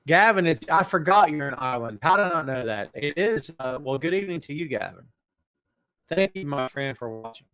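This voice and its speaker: A man's voice: fairly high pitch, animated, brisk, a bit bright, dry recording, soft background music. A man hosting a casual podcast livestream, joking around and greeting viewers in the chat by name. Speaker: podcast host.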